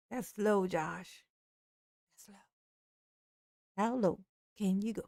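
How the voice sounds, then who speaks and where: Slow-drawling woman calling herself Mama. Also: medium pitch, darkish tone. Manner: drawling, affectionate, calls herself Mama, laughs often. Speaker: YouTube channel host. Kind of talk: casual livestream sign-off to viewers.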